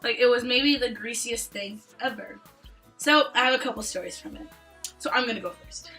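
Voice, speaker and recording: Lively joking young woman telling stories. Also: on the high side, moderate pace, faint music behind, rough recording. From Canada. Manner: animated, joking, acts out quoted lines. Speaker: vlogger. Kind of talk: casual storytime chat.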